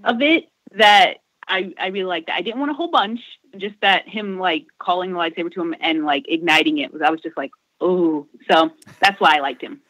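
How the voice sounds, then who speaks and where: A woman's voice: lowish voice, a little fast, sharp tone, no room sound, rough recording. Hesitant woman on a podcast, dry sound. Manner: hesitant, many fillers. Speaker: podcast panelist. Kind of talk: casual fan discussion.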